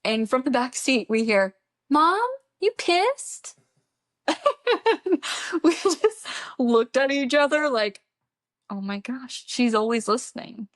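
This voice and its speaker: A woman's voice: fairly high pitch, measured pace, dry recording, clean studio sound. A young woman co-hosting a podcast, chatting casually and laughing as she tells stories. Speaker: podcast co-host. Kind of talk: casual chat.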